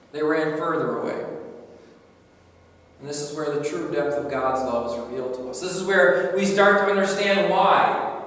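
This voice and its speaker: A man gives an earnest sermon in a fairly high voice that climbs to emphatic peaks. The sound carries a long, ringing church-hall echo, picked up from far off by a distant room mic. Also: fairly bright tone. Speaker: preacher. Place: church sanctuary.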